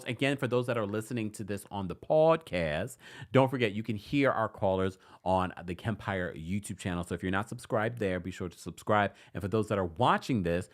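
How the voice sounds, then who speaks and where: Man, live-stream host, expressive swooping pitch, reads chat aloud, laughs a lot. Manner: animated, laughs often, reads super chats aloud. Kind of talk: live-stream talk and call-in.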